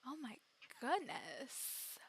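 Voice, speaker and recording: A woman's voice: high-pitched, big pitch swings, extremely slow, vocal fry, slight background noise. A woman hosting a live stream, chatting casually with her cast and gushing over viewers with frequent giggles. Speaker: stream host.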